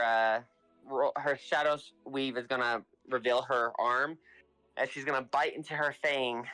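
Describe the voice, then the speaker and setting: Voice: mid-range voice, sharp tone, low-quality recording. Casual tabletop player describing actions. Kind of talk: narrating character actions in a tabletop game.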